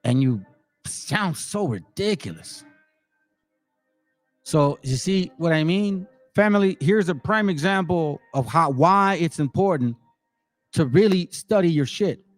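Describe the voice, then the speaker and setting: A man's voice: fairly high pitch, lively intonation, measured pace, faint music behind. A man in his forties ranting as channel host, confrontational and slangy. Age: 40s. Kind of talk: heated rant to a commenter.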